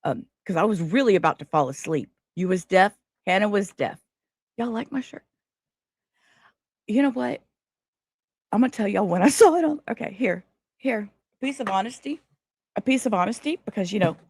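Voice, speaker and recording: Woman host, scattered casual stream chat, lively pitch, dry close sound. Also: moderate pace, long pauses, dry recording. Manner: scattered, rambling, self-interrupting. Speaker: livestream host.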